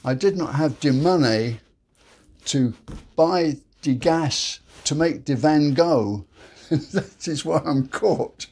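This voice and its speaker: Give me a sheepish French thief with a thick mock accent and a slightly husky tone, as a man puts him on. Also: a little high, darkish tone, exaggerated voice. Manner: drawn-out, sing-song comic delivery.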